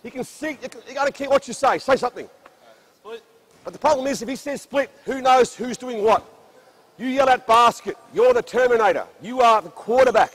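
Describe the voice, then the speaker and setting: A man's voice: extremely high pitch, normal speed, a bit bright, husky. A man coaching a basketball practice on an indoor court, barking short commands and then explaining drills at length.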